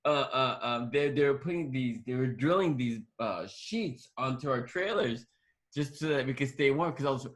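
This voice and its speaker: Man telling an animated set story. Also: medium pitch, normal speed. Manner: rambling, restarts often, acts out quoted dialogue. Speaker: guest actor. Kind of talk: storytelling interview answers.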